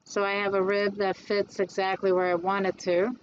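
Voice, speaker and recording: A woman's voice: mid-range voice, little pitch movement, normal speed, slight background noise. Chatty woman teaching a class, lo-fi. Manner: chatty, asks the class questions and answers them. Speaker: instructor. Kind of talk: classroom software lecture.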